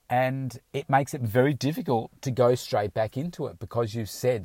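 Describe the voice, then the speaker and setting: A man's voice: mid-range voice, moderate pace, hardly any pauses, a little mellow, husky, no echo. Emphatic male motivational coach, dry sound. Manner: emphatic, coaching, repeats affirmations aloud. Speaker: weight-loss coach. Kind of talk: motivational talk.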